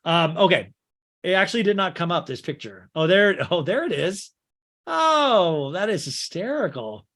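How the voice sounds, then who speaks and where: A man with a slightly higher-pitched voice hosts a casual podcast. He retells a film scene by scene in an animated way, full of "like" and "you know.". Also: normal speed. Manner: animated storytelling with fillers. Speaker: podcast host. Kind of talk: casual movie recap.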